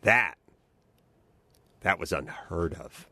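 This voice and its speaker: A man's voice: deep voice, takes it slowly, husky. A man telling stories in a casual, profane comedic rant as a podcast host. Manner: profane, animated storytelling, swaps into voices for quotes.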